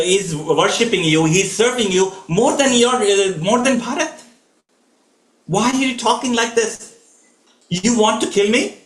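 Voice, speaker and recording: A man's voice: sits high, a bit bright, pitched above the performer's own voice. A man doing a distraught, pleading old king. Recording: echoey room.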